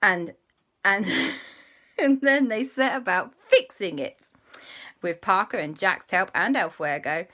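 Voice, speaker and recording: A woman improvising a playful children's story as host, jumping into little voices for each character. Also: slow pace. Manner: animated, voices characters with big pitch jumps. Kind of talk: improvised bedtime-style storytelling.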